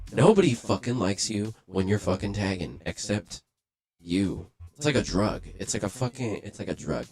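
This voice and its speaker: Profane, animated storytelling man. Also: lowish voice, no room sound. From Los Angeles. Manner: profane, animated, acts out quoted voices. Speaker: livestream host. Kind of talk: casual storytelling.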